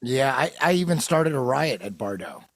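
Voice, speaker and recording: A man's voice: medium pitch, very animated, normal speed, no room sound. A man hosting a podcast, telling a long, profane story in a rambling way with frequent laughs. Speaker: podcast host. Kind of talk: casual storytelling.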